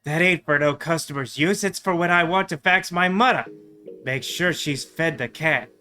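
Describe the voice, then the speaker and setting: A man voicing a rude, grumpy male motel manager from a pixel-art adventure game, with gruff, slangy, sarcastic talk. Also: fairly high pitch, normal speed, bright, forceful tone. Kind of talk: let's play voicing of game text.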